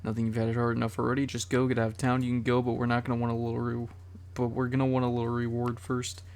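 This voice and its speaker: A man's voice: mid-range voice, completely flat delivery, rapid-fire, a little mellow. A man giving casual gameplay commentary, reading dialogue choices aloud and adding dry asides. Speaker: gamer.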